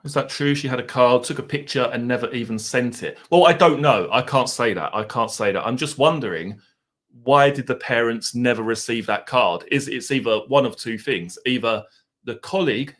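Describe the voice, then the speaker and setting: Essex bloke doing a chatty livestream from home, mid-pitched, rambly and self-deprecating. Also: male voice, expressive, moderate pace, a bit bright. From Essex, England. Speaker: livestream host. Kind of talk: casual livestream chat reading comments.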